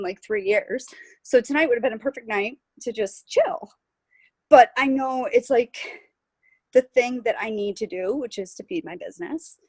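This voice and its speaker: A chatty, upbeat woman gives a casual update from home, breaking into laughter often. Her voice sits a little high, and the sound is close and dry with no room echo. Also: a little mellow. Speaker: team member sharing takeaways. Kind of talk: casual group call update. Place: at home on vacation.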